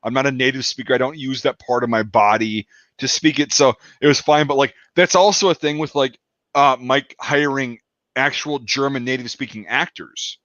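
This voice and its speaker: A man's voice: mid-range voice, fairly even intonation, normal speed, fairly bright tone, dry recording. A man chatting casually on a podcast call, rambling, with frequent restarts. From Wisconsin. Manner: rambling, quotes others in put-on voices. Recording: dull dry lo-fi call audio.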